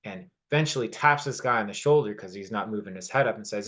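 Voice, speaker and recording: A man's voice: lowish voice, fast talker, fairly bright tone. A man giving an earnest motivational lesson, with fillers and hesitations, leaning on key words. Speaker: personal development teacher.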